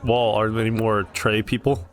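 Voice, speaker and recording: Blunt guy at a tabletop game, low voice, lots of fry. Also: flat delivery, moderate pace. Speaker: player.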